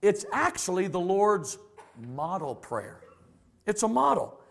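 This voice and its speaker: A man leads a midweek Bible study as pastor, mixing scripture with a story from his teaching days. His fairly high voice swings widely in pitch as he talks in a lively, conversational way. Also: slow, gravelly.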